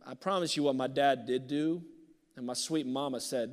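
A man preaches with passion, his voice sitting at an ordinary pitch. He leaps from loud, urgent bursts down to soft, hushed lines. The sound carries a long reverb from a large hall. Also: normal speed. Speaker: pastor. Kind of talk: sermon.

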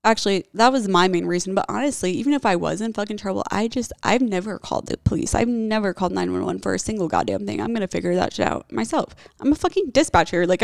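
Young woman vlogger, blunt confessional storyteller who curses often; raspy vocal fry, dead-dry recording. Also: medium pitch, dry recording. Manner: blunt, heavy swearing, candid. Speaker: vlogger telling a personal story.

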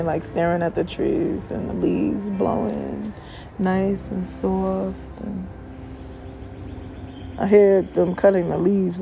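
A woman with a low-set, mellow voice talks bluntly and casually, sprinkling in swear words as she rambles through motivational advice. She is recorded outdoors on a porch, with faint music underneath. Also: vocal fry. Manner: blunt, profane, loose and chatty. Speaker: vlogger. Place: outdoors on a home porch by water.

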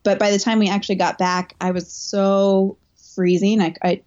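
In a muffled recording, an elite marathon runner who also coaches describes a race during an interview. Her mid-range voice is darkish and flat at a normal speed, yet the telling is candid and emotional, littered with fillers and restarted sentences.

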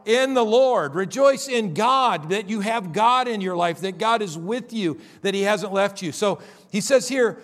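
A man preaching a sermon as pastor, repeating and stretching key words for emphasis, sometimes dropping to a quiet, weary tone. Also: extremely high pitch. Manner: emphatic, repetitive preaching with drawn-out stressed words; drops to quiet, weary tones mocking tired believers.

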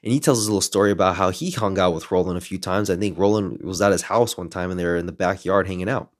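A man in his twenties, a podcast host telling a story in casual, lively style, adding some playful swearing. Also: low-pitched, fast talker. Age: 20s.

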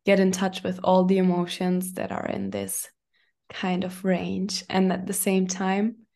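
A woman hosting a casual chat, reflecting supportively in drawn-out phrases. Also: on the low side, warm tone. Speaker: host.

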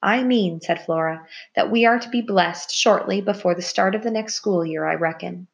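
A woman voicing a clever female mouse who teaches, speaking in a brisk, teacherly manner. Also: medium pitch, gravelly, close to an everyday voice.

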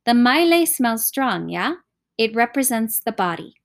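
A woman voicing a stern older male martial arts teacher who talks in gruff, scolding commands, read as an audiobook character. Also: fairly high pitch, very animated, measured pace, no room sound, studio quality. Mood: explaining.

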